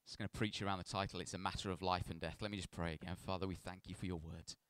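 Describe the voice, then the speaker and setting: A male pastor with a lower voice that sounds smooth and resonant, reading scripture and preaching. He talks in an easy, conversational way, telling stories at his own expense and tripping over words now and then. The sound is close and dry, with no room echo. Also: level tone, quick pace, fairly bright tone. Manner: conversational, self-deprecating storytelling with stumbles.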